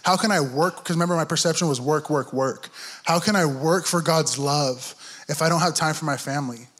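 A man's voice: on the high side, a little fast, a bit bright. Earnest young man giving a sermon testimony. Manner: earnest storytelling, acts out inner dialogue. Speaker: church speaker giving a testimony.

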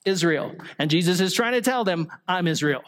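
A man's voice: high-pitched, expressive, brisk, fairly bright tone. A male pastor delivering a sermon, explaining scripture through rhetorical questions and the occasional small joke.

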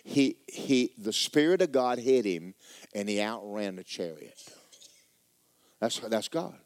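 A man's voice: lowish voice, takes it slowly, no echo, clean studio sound. A man preaching a sermon as pastor, folksy and joking, repeating words for effect.

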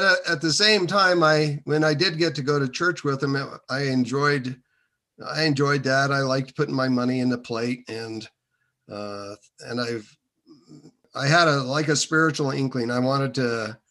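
Brief: man, middle pitch, bright forceful tone, meandering and filler-heavy storytelling. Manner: hesitant and meandering, many fillers. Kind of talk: personal storytelling.

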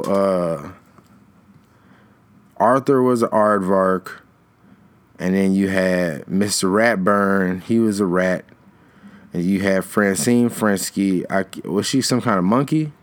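A young man chatting casually in a rambling, slangy way, trailing off and restarting his thoughts. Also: on the low side. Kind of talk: casual chat.

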